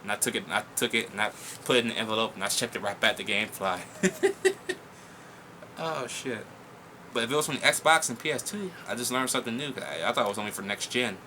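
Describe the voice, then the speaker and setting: Young man, casual Q&A vlog host, chatty, profane, excitable, bright forceful voice. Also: mid-range voice, quick pace, a little hiss or hum. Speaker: YouTube host answering viewer questions.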